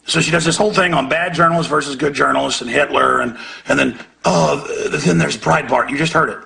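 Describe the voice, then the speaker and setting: A man's voice: on the high side, fairly even intonation, quick pace, vocal fry, sharp tone. A man hosting a talk radio show, speaking with indignant, emphatic commentary. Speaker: radio host.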